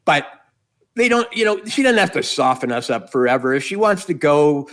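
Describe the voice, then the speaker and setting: A man's voice: on the high side, sing-song, normal speed, a bit bright. A middle-aged man giving political commentary as a guest, wry and meandering, piling up repeated phrases.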